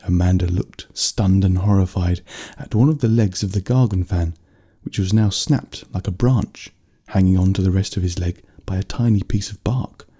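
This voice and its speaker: A man narrating a bedtime story in a steady, unhurried reading voice. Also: low voice, husky.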